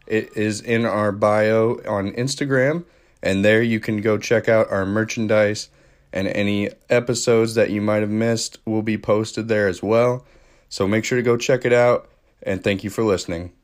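A man reading a scripted podcast promo in a steady, friendly way. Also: on the low side, normal speed.

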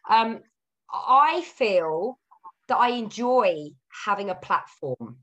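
A woman with a mid-range voice co-hosts a casual podcast. She puts thoughtful, probing questions to her guest and builds them up slowly with fillers. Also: medium pitch, animated, a bit bright, muffled recording. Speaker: podcast co-host.

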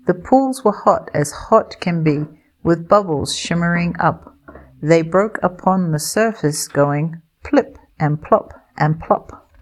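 A woman reading a picture book aloud for English learners, slow, clear and gentle. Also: on the low side, animated.

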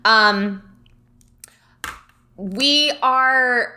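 A woman's voice: a little high, drawn-out words, bright, forceful tone. A woman co-hosting a podcast, telling stories in a chatty way and laughing often. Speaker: podcast co-host. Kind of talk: casual chat.

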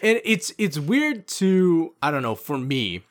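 A man's voice: a little high, sing-song, unhurried. A man co-hosting a casual podcast, ranting heatedly and swearing freely. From not from Japan, living there. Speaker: podcast co-host.

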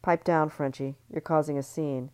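A woman reading aloud and voicing a bitter, sharp-tongued young mother who mocks others. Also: deep voice, steady tone, moderate pace, clear, resonant tone, natural voice. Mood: sneering. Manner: sneering, mocking.

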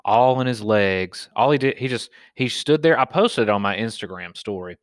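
A man's voice: lowish voice, moderate pace, no echo, studio quality. A man from Alabama with a Southern accent, telling stories in a casual, profane monologue as a podcast host and stand-up comic. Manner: profane, animated storyteller.

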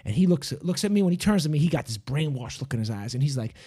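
Husky, high-voiced man, rapid and profane, animated storyteller. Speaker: podcast co-host. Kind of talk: casual chat, storytelling.

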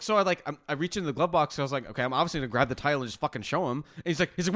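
A man's voice: fairly high pitch, racing, few pauses, a bit bright. A young man co-hosting a casual podcast, telling stories animatedly, acting out quotes and swearing freely. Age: young adult. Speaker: podcast co-host. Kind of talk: casual chat.

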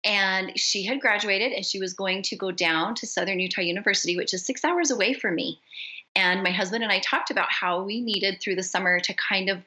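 Bright-voiced middle-aged woman storyteller. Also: mid-range voice, brisk, low-quality recording. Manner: lively storyteller who acts out family dialogue. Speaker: podcast guest. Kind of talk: casual conversation.

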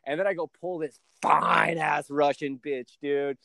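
A man's voice: fairly high pitch, fairly even intonation, measured pace, gravelly, pushed and bright, dry recording. Brash swearing young man, dry sound. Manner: brash, heavy swearing, calls listener bro and dude. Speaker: podcast host. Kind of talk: casual storytelling chat.

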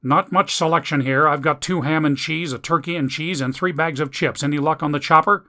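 A man's voice: a little high, brisk, bright, forceful tone, pitched above the performer's own voice. A man voicing a wry, easygoing father who teases his family. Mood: teasing. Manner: teasing, dry humor.

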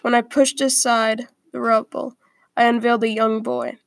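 A woman reading a first-person story aloud in a quiet, earnest way, with small slips along the way. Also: a little high, flat delivery, normal speed, no room sound.

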